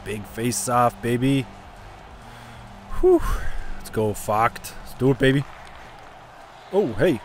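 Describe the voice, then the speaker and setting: A man giving casual, excitable commentary over his own gameplay, cheering and trash-talking the players. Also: mid-range voice, slow, pauses often, a little hiss or hum. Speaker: gaming commentator.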